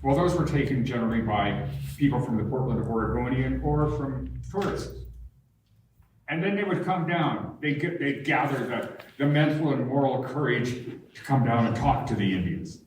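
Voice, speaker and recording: A man's voice: medium pitch, a little hiss or hum. Older man telling stories in an echoey hall. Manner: unhurried, humorous storytelling. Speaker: guest speaker at a public talk. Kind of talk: storytelling talk. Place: large barn hall with an audience. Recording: echoey hall, far from the mic.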